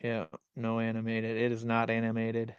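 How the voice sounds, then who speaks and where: Quiz host, male, smooth clear voice, dry dull recording, playful. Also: lowish voice, completely flat delivery, normal speed, dry recording. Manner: reads movie quotes aloud, teasing. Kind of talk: casual live-stream chat.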